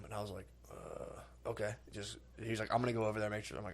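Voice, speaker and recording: A man's voice: mid-range voice, steady tone, fast. A man in his thirties, a podcast co-host, telling a rambling, profane story in casual chat, often quoting himself.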